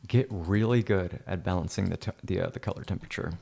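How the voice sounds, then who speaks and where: A man with a low, gravelly voice hosts a photo-editing livestream, talking. He rambles in a sarcastic, mock-grandiose way, teasing his viewers as he works. Typing and mouse clicks sit behind his voice. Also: brisk, few pauses, darkish tone.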